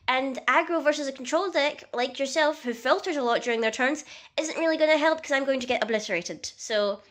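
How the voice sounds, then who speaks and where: A woman's voice: high-pitched, fairly bright tone. A young woman vlogging casually in a chatty, self-mocking and dramatic way. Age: young adult. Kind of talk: casual comedic vlog.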